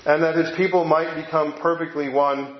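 Pastor preaching in an echoey church. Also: male voice, a little high, fairly even intonation. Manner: conversational, halting with fillers and restarts. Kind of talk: sermon. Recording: echoey, dull lo-fi room sound.

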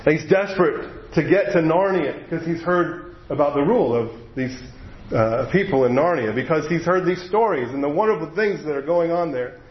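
Chatty pastor, echoey room. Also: male voice, a little high, moderate pace. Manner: conversational storytelling with self-corrections. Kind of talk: sermon. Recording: echoey, slightly muffled room.

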